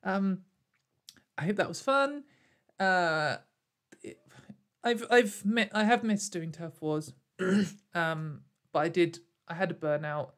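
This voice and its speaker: A woman's voice: on the low side, slow pace, pauses often. A young woman YouTuber talking sarcastically to camera in a casual commentary, rambling with many fillers and frequent laughs. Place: at home in front of a camera.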